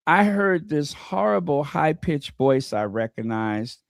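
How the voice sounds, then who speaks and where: A man's voice: on the high side, very animated, measured pace, gravelly, no echo, studio quality. Man gossiping with mocking impressions. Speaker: co-host. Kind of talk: casual gossip chat.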